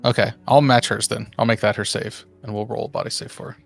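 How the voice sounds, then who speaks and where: A young man narrating as game master, relaxed and swearing casually. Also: fairly low pitch, fast, vocal fry, soft background music.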